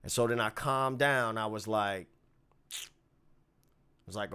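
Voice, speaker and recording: A man telling a story from his gigs in a casual vlog, swinging from low muttering to loud outbursts. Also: slow pace, long pauses, clean tone. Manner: animated, swings from muttering to shouting. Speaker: bass player telling a story.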